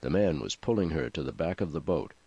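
A low-voiced man narrates an audiobook, letting his pitch rise and fall freely. The recording is dry and somewhat muffled. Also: brisk, creaky, slightly rough, no echo. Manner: expressive storytelling.

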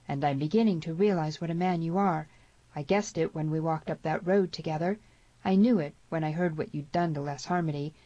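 A woman's voice: deep voice, fairly quick, warm tone, no room sound, dull audio. A woman voicing a young western heroine who pleads urgently and from the heart, in an audiobook. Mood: pleading. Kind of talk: audiobook character voice.

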